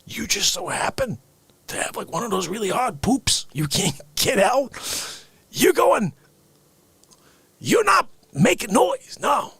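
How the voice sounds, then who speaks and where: Guy hosting a stream, goofy rambling riff, bright gravelly voice, super dry close mic. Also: very high-pitched, takes it slowly, long pauses, no echo. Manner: animated, jumps between loud shouts and hushed whispers. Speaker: livestream host.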